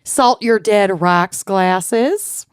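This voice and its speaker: A woman's voice: mid-range voice, very slow, smooth, no room sound, clean studio sound. A woman co-hosting a casual podcast with wry, teasing banter. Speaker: podcast co-host. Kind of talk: casual chat.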